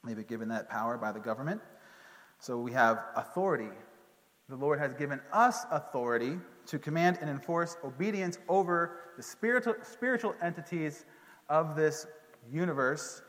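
A man with a somewhat high voice teaches a Bible lesson to a group in an easygoing way, joking now and then and stumbling over fillers and restarts. His voice carries a long reverb from a large hall. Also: expressive, moderate pace, a bit bright.

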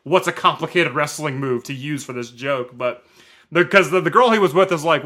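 A man co-hosting a podcast, telling a rambling story in casual chat, animated, full of fillers and laughs. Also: fairly high pitch, a little fast. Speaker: podcast co-host.

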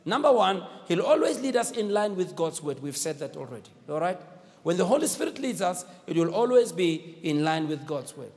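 Man, preacher, sermon, call-and-response, lively up-and-down delivery, echoey church hall. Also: sits high, normal speed. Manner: exhorting, call-and-response with the congregation.

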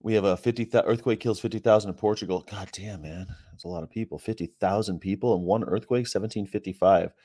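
A man's voice: fairly low pitch, quick pace, few pauses, dark tone. A man hosting a casual livestream, chatting and reading out history items in a rambling, profane way. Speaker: host.

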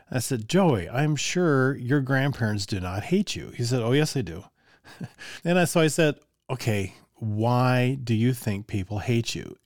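An older man recounting his years as an orchestra teacher, chatting easily and laughing now and then. His voice sits at an ordinary pitch, recorded close and dry with no room sound. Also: no echo. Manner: relaxed, conversational, chuckles often, asides to listener. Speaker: orchestra teacher telling stories. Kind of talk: casual storytelling.

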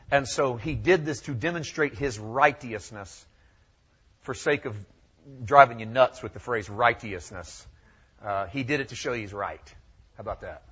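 A male pastor preaching a sermon, asking rhetorical questions and repeating key phrases, swinging from quiet low phrases to loud high ones. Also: breathy edge, dull audio.

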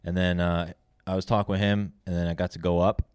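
A man's voice: low voice, little pitch movement, fast, darkish tone, clear, resonant tone, dry recording, studio quality. A young man and stand-up comedian telling a rambling story full of fillers in casual chat.

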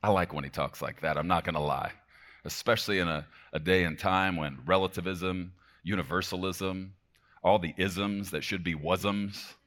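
A man preaching a sermon with fervor, swinging between loud emphasis and hushed lines, often checking in with the congregation. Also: low-pitched, moderate pace. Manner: talks to the congregation directly with frequent "okay?". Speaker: pastor.

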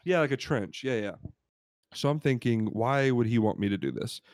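A man's voice: mid-range voice, animated, normal speed, a little mellow, no echo. A man co-hosting a podcast, telling a rambling anecdote in casual chat and acting out what people said. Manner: rambling anecdotes with laughs, acts out quotes. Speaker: podcast co-host.

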